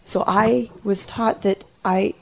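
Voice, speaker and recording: Woman, mid-pitched and gravelly, personal testimony, earnest and hushed at times. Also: steady tone, takes it slowly. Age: adult mother. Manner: earnest, often drops to a hushed whisper. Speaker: storyteller recounting a personal experience.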